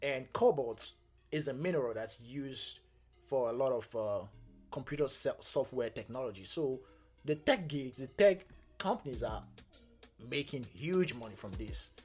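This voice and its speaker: A man's voice: mid-range voice, lively intonation, a little slow, a little mellow, slightly rough, faint music behind. A man hosting a talk show, giving emotional, heated commentary and often repeating his phrases. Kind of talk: impassioned commentary.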